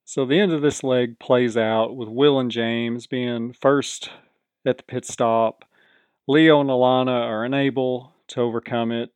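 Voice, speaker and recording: A man hosting a podcast, casually recapping a reality show and acting out the contestants' lines in animated voices. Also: medium pitch, clean tone, dry recording. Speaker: podcast host.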